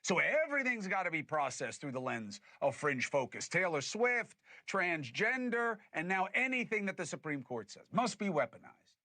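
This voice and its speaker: A man's voice: high voice, sing-song, moderate pace, bright, forceful tone, dry recording. A man hosting a political commentary show, arguing his points emphatically and putting things in plain terms. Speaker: host.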